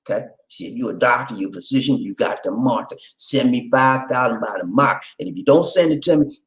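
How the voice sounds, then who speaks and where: A man's voice: medium pitch, close to an everyday voice, low-quality recording. A man voicing a scheming female online extortionist who bluntly demands money.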